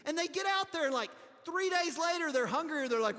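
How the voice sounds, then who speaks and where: A male pastor with a strikingly high voice preaching a sermon. He talks in a loose, storytelling way, often restarting his phrases. His words ring out with a long reverb through the church hall. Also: expressive, brisk, few pauses, pushed and bright. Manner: conversational storytelling, frequent restarts.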